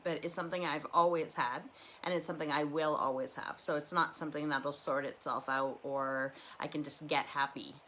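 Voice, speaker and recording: The low-quality recording has slight background noise as a middle-aged woman talks from her living room, hosting a live stream of casual personal chat. Candid and rambling with lots of restarts, she uses a deep, steady, fairly bright voice at normal speed.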